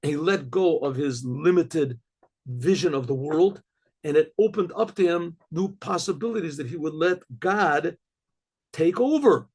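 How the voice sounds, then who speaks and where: A middle-aged rabbi telling a story in a conversational way, with many restarts. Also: male voice, fairly high pitch, lively intonation, unhurried, darkish tone, slightly rough.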